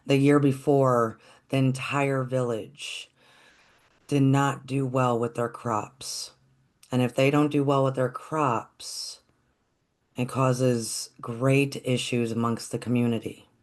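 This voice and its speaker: A storyteller telling a folktale in a gentle, reflective, unhurried way. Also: mid-range voice, little pitch movement.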